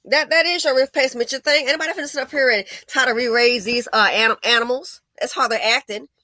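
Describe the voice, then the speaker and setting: A woman's voice: sits high, fairly even intonation, fast, pushed and bright, no echo. A woman hosting a commentary video, ranting in an angry, profane, scolding way. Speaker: commentary channel host. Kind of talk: blunt commentary rant.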